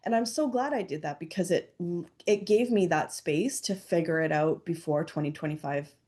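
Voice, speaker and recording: A woman in her thirties chats as a podcast guest in a relaxed, meandering way. Her voice sits a touch low and sounds warm and mellow. She scatters fillers and "like" through her talk. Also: moderate pace. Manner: chatty, lots of fillers and "like". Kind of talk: casual chat.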